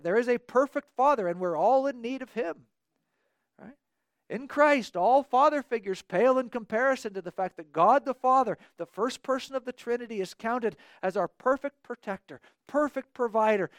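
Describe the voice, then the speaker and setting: A man's voice: sits high, no room sound, studio quality. A man preaching a sermon as pastor, earnest, repeating key phrases and asking the congregation rhetorical questions.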